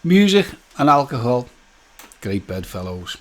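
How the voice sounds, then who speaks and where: A man hosts a laid-back live stream, bantering with viewers by name, laughing easily, and keeping things friendly and jokey. His voice sits at an ordinary middle pitch and moves unhurriedly, with a little hiss or hum in the audio.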